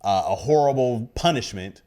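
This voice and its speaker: Guy cohosting a podcast, lively voice, casual back and forth. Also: medium pitch, normal speed. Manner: animated, reads listener comments aloud. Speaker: podcast co-host.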